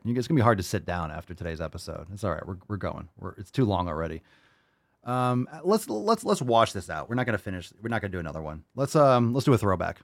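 A podcast host with a lowish male voice runs a casual livestream, animatedly reading viewer comments aloud and cracking crude, sarcastic jokes with plenty of swearing. There's no echo on the recording.

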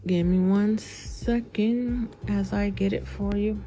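A woman's voice: medium pitch, fairly even intonation, slow, warm tone, soft background music. Chatty woman with a drying voice. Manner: chatty, filler-heavy, spells out names. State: losing her voice, dry throat. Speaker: podcast host. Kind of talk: casual book recommendations.

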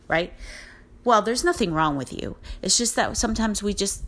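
A woman's voice: mid-range voice, lively intonation, normal speed. A middle-aged woman hosting a podcast, talking in an earnest, encouraging way and rambling with restarts. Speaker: podcast host. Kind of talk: casual motivational monologue.

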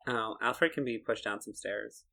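A man's voice: on the low side, normal speed, creaky, bright, forceful tone. A man co-hosting a podcast, chatting casually about a cartoon and laughing often. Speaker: podcast co-host. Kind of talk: casual chat reviewing a cartoon.

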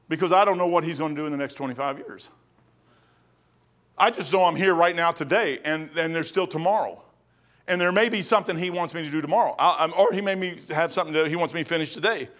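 A man's voice: fairly high pitch, fast talker, a bit bright. A man preaching a sermon in a folksy, rambling storytelling manner, acting out the voices of the people in his stories.

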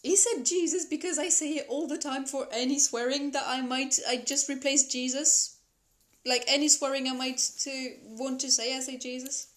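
A woman's voice: high voice, fairly even intonation, normal speed. Giggly woman telling a story. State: hiccups. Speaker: podcast co-host. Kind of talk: casual podcast chat.

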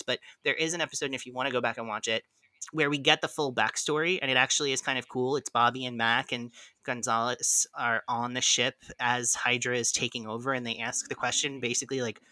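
A man hosting a podcast in a casual review chat. His voice is strikingly bright and forceful, and the sound is close and dry with no room around it. He recaps plot points and laughs easily. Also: mid-range voice, dry recording. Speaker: podcast host.

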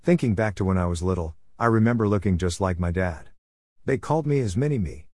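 A man with a low voice reads a first-person story in an earnest, reflective way. The recording is dry and close, without room echo. He tells it steadily as a storyteller. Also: brisk, a little mellow. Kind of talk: scripted first-person narration.

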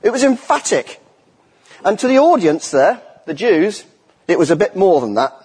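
Husky, higher-voiced preacher man in an echoey hall. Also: very animated, moderate pace, a little mellow. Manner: earnest, emphatic, repeats key phrases. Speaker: lay preacher. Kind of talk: sermon. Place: church. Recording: echoey church hall with long reverb.

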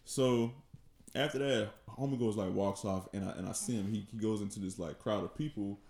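A man with a low, gravelly voice tells a story casually, stumbling and repeating words as he goes. The room around him sounds echoey. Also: a little mellow. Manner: halting, repeats words, laughs between lines. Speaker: podcast co-host.

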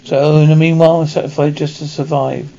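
A fatherly old priest, as a man puts him on, gentle and unhurried in tone. The voice is gravelly and slightly high, on a dull lo-fi recording. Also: level tone. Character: old male priest mentoring an orphan.

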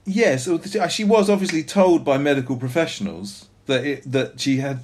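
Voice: mid-range voice, moderate pace, a little mellow. A podcast co-host, reading stories aloud and joking with a laugh. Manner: laughing, joking, self-mocking. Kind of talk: casual chat.

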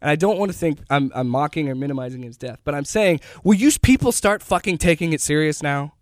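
A man co-hosting a podcast, yelling an angry, profanity-laced political rant. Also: fairly high pitch, expressive, quick pace, no echo, studio quality. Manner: yells angrily, swears heavily. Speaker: podcast co-host.

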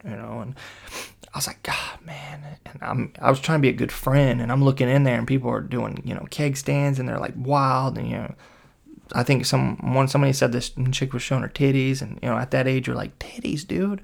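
A young man with a gravelly, mid-pitched voice spins a long, rambling story. He leans on fillers and acts out the quotes as he goes. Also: steady tone, a little fast. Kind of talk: casual storytelling.

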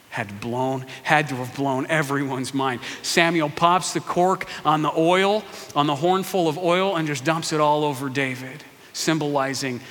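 A man preaching a sermon, retelling a story with lively asides and playful voices for its characters. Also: medium pitch. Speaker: pastor. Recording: long hall reverb.

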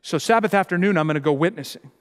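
A man's voice: on the high side, lively intonation, fast. Preaching man in a reverberant hall. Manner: emphatic preaching, rising to loud passionate peaks. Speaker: pastor. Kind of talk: sermon.

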